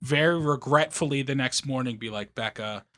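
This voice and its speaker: A man's voice: fairly high pitch, normal speed, a little hiss or hum. A young man co-hosting a comedy podcast, telling stories with lots of swearing and acted-out quotes. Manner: animated storytelling, swears often, acts out quotes. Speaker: podcast co-host. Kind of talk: casual comedic podcast banter.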